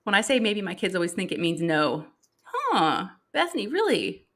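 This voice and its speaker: A woman's voice: mid-range voice, huge pitch swings, normal speed, fairly bright tone. A middle-aged woman, hosting a casual livestream chat, chatty and laughing often as she greets viewers. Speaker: livestream host.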